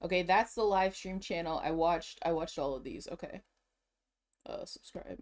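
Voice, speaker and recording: A woman streamer chatting casually to herself while shopping and browsing online, excitable and slangy, laughing often, a bit out of breath. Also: fairly low pitch, moderate pace.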